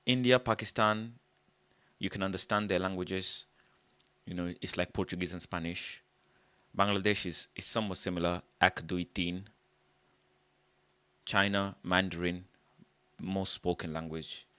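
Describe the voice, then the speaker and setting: A young man hosting a casual livestream, thinking out loud in an animated way and breaking into loud shouts. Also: low-pitched, unhurried, long pauses, clean tone, no room sound. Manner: animated, musing aloud, loud shouted bursts. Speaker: livestream host.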